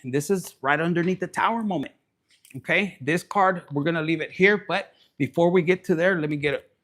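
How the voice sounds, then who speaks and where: A man's voice: fairly high pitch, brisk, a bit bright. A man giving a raunchy, joking live tarot reading, slipping in Spanish. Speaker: tarot reader.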